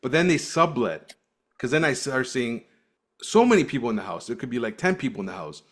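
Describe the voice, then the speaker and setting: A man's voice: medium pitch, very animated, fairly quick. Guy from cyprus on a podcast, rambling story, laughs a lot, casual. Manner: storytelling, laughs often, restarts. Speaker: podcast co-host. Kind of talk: casual chat.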